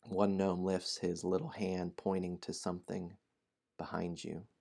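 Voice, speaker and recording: Low, gravelly and dark, this man's voice comes out flat and unhurried. He's running a game stream, bantering playfully and apologetically with his audience, laughing a lot, and switching between casual chat and reading a storybook aloud.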